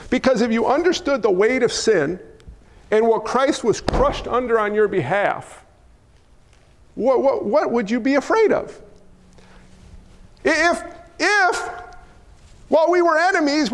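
A man preaching a sermon as a pastor, impassioned and building to emphatic outbursts. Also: very high-pitched. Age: adult father of young children. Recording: long reverb of a large hall.

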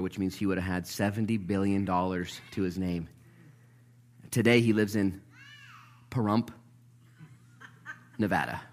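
A man preaching in church to a congregation. He is animated and jokes, and acts out the voices of Bible characters. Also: lowish voice. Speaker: pastor. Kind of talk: sermon.

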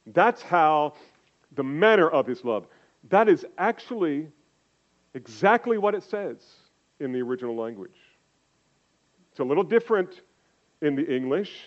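An older man preaching a sermon, slow and emphatic, swinging from loud declarations down to quiet, intimate asides. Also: medium pitch, lo-fi sound. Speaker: pastor.

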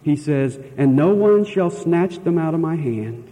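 A man's voice: fairly high pitch, animated, measured pace, mellow, in a large hall, rough recording. A man preaching a sermon as pastor, earnest and emphatic, stretching key words and asking the listeners questions. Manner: asks the listeners rhetorical questions.

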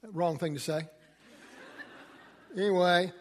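A man's voice: high-pitched, unhurried, pauses often, big-room sound. A middle-aged man preaching a sermon to his congregation, telling folksy stories with plenty of fillers and restarts. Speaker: pastor. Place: church.

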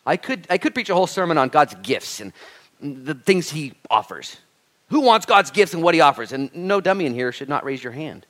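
Animated male pastor preaching. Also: a little high, brisk. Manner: animated, acts out quoted speech, frank and humorous. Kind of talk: sermon with storytelling. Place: church.

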